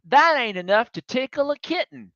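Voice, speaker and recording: A man's voice: very high-pitched, lively intonation, normal speed, creaky, bright, forceful tone, no room sound, highs cut off, pitched above the performer's own voice, exaggerated voice. A man putting on the Southern drawl of a big, laid-back hillbilly mechanic. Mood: amused.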